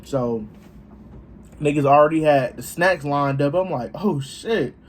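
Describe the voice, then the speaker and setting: A young man casually telling a story in a vlog, profane and animated, acting out what people said. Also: a little high, a little slow, a little hiss or hum. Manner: animated, profane, acts out dialogue. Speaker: vlogger.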